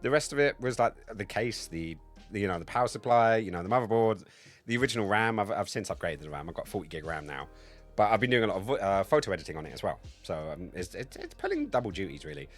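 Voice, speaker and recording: Brief: male streamer, thirties, crude rambling humor, very animated pitch, faint music underneath. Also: quick pace. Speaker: game streamer. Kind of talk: casual livestream chat.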